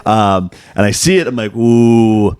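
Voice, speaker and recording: A man co-hosting a podcast, chatting casually in a self-mocking, animated way with frequent laughter. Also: medium pitch, moderate pace, no echo, studio quality. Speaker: podcast co-host. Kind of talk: casual chat.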